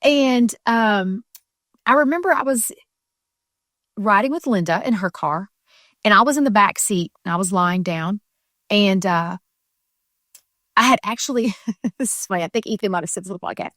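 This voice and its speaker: A woman's voice: medium pitch, normal speed, pauses often, a bit bright, no room sound, clean studio sound. A middle-aged woman telling a personal faith story as a podcast guest, earnest and tumbling, with many restarts and fillers.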